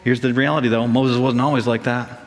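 A man preaching a sermon as pastor, casual and animated, acting out the people he quotes in raised voices. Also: mid-range voice, fairly quick, big-room sound.

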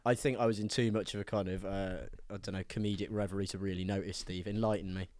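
A man's voice: deep voice, level tone, quick pace, darkish tone, dry recording. A man co-hosting a podcast in casual chat, with a dry, wry wit. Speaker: podcast co-host.

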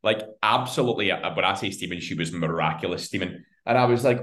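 A man's voice: on the low side, quick pace, hardly any pauses, fairly bright tone. A man with a Scottish accent, co-hosting a podcast, telling a long story in casual chat, swearing freely and laughing as he goes. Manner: swears freely and laughs through his anecdotes. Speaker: podcast co-host.

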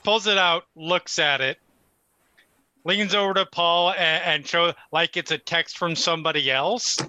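A man playing a tabletop role-playing game, quickly and eagerly describing his character's actions. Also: fairly high pitch, pushed and bright, clear, resonant tone, no room sound. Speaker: player.

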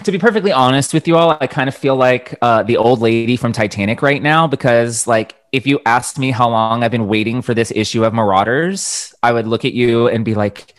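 A man co-hosting a podcast in casual chat, expressive and playfully dramatic. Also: mid-range voice, brisk, hardly any pauses. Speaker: podcast co-host.

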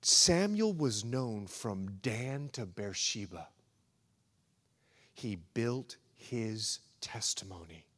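A man's voice: fairly low pitch, animated, very slow, a bit bright. A man preaching a sermon as pastor, emphatic and repetitive, swelling and dropping in intensity. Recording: echoey hall recording.

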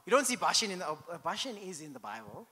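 A man's voice: sits high, big pitch swings, quick pace, pushed and bright, long reverb tail. A man preaching a sermon as pastor, in a conversational style that keeps checking in with the congregation.

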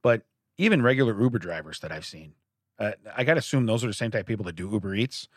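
Jokey man, lively voice. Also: fairly low pitch, quick pace, no echo, studio quality. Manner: jokey, reads news stories aloud with asides. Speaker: podcast co-host. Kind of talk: casual chat.

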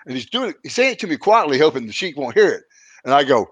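A man hosting a podcast, telling road stories in a relaxed, casual way and livening up when he quotes friends. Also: medium pitch, fairly quick, no room sound. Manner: laid-back, animated when quoting others. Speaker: podcast host, retired wrestler. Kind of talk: casual storytelling.

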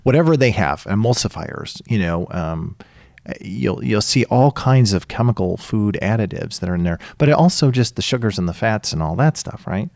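A man co-hosting a casual chat, telling stories in an animated way and acting out the people he quotes. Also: on the low side, moderate pace, vocal fry, dry recording, studio quality. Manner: animated storyteller, acts out quotes.

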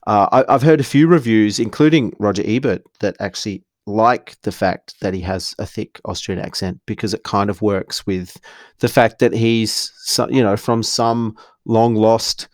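A man co-hosting a casual film podcast, easygoing and quick to laugh. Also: fairly low pitch, fairly even intonation, dry recording, studio quality. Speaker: podcast co-host.

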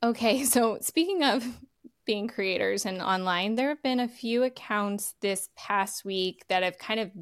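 A woman's voice: mid-range voice, unhurried, clean tone, no echo, clean studio sound. A woman co-hosting a casual podcast, chatty and laughing often, swearing casually. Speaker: podcast co-host. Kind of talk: casual chat.

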